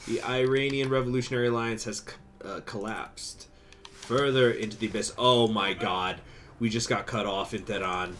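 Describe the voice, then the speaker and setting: A man streaming a strategy game, chatting casually with viewers, rambling, laughing and jumping into high excited bursts. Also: a little hiss or hum. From United States. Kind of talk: casual game commentary with chat.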